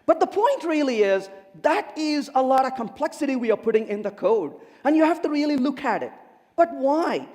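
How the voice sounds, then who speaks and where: A man giving a humorous conference talk on code, theatrical and animated, asking the audience questions. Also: extremely high pitch, moderate pace. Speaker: conference speaker. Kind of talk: humorous technical keynote. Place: large conference hall. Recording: long hall reverb.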